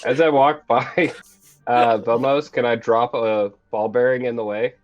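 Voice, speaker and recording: A man's voice: mid-range voice, steady tone, unhurried, lo-fi sound, soft background music. A man playing a tabletop game, joking and casual, with some swearing. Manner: joking, profane. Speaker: player.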